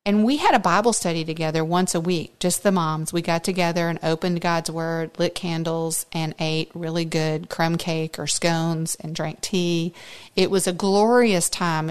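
Her voice is mid-range and smooth. This podcast host, a woman in her fifties, shares a sincere personal story rooted in faith, animatedly performing the quoted speech of others.

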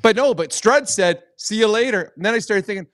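A man's voice: high-pitched, fairly quick, a bit bright, no room sound, clean studio sound. A man co-hosting a casual podcast, teasing his co-host and telling playful little stories.

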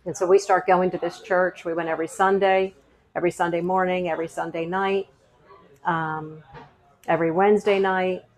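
A middle-aged woman sharing her personal faith story in a conversational interview, animated and chatty, acting out the dialogue she quotes. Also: on the low side, moderate pace. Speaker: guest sharing her testimony.

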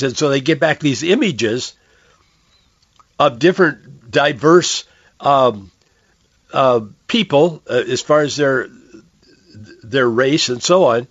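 A hoarse man, hosting a talk radio show and giving earnest commentary on politics and faith. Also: medium pitch, a little slow, pauses often, no room sound, highs cut off. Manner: conversational, earnest, with frequent restarts. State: hoarse, losing his voice. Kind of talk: political and religious commentary monologue.

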